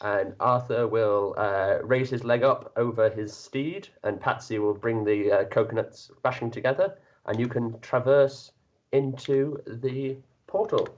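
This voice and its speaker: A man's voice: mid-range voice, a little slow, lo-fi sound. A man narrating a tabletop game as dungeon master, describing scenes with lots of hesitations. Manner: lively, animated narration with hesitations.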